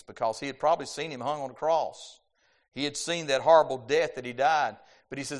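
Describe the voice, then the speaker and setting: A man preaching a sermon, reading scripture aloud with rising emphasis and dropping soft on key lines. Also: medium pitch, quick pace. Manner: animated, rises loud on scripture then drops soft.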